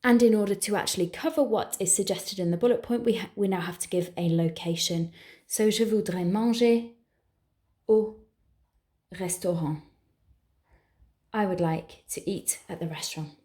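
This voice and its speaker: Woman, English accent, teacher, calm step-by-step explanation, mellow tone. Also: mid-range voice, echoey room. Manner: clear, patient explanations, slowing down for modelled phrases. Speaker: language teacher. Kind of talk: exam preparation tutorial.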